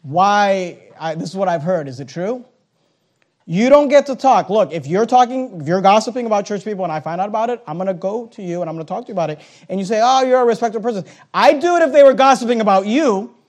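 High-voiced animated preacher man. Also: quick pace. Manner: animated preaching with acted-out dialogue and rising emphasis; blunt, joking asides. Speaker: pastor. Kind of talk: sermon.

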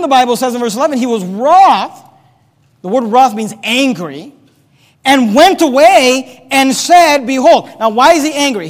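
A man preaching a sermon, his voice sitting unusually high as he reads scripture and acts out the quotes. The sound rings with the long reverb of a big church hall. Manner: animated preaching, reading scripture aloud, acting out quotes. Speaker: pastor.

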